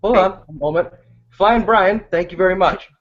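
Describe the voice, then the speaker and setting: A man's voice: sits high, normal speed, muffled recording. A man co-hosting a podcast, trading profane, joking sports banter and reading out listener tweets. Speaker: podcast co-host.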